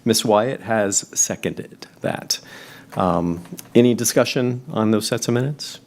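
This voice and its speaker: A man with a fairly low voice chairs a board meeting. He moves through motions and votes in a steady, procedural manner, with an occasional "uh". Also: takes it slowly, vocal fry. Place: public meeting chamber.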